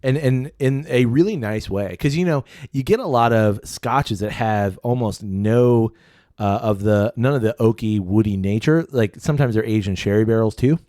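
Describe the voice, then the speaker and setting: A low, mellow-voiced man talks casually on a podcast, laughing often and musing aloud with plenty of fillers. The sound is close and dry, with no room echo at all. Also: normal speed. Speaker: podcast co-host. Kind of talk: casual whiskey tasting chat.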